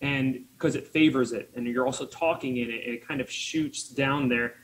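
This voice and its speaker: A man's voice: mid-range voice, fairly even intonation, moderate pace, a bit bright, rough recording. Playful man explaining vocal mechanics. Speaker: voice teacher presenter. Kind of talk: conference presentation.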